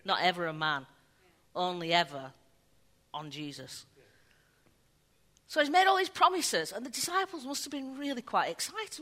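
A woman preaching a sermon, telling the story in an animated way and acting out the voices of the people in it. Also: fairly low pitch, moderate pace. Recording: long hall reverb.

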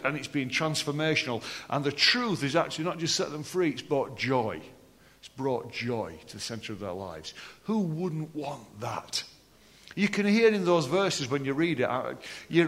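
A man preaching a sermon, animated and joking with the congregation between readings. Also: a little high. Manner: animated, jokey asides with the congregation. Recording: long hall reverb.

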